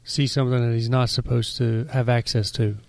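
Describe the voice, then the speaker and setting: A man's voice: medium pitch, level tone, fairly quick, dry recording. Teasing man on a dry podcast mic. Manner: teasing, exaggerating, rises loud when mocking. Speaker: podcast co-host. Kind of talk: casual chat.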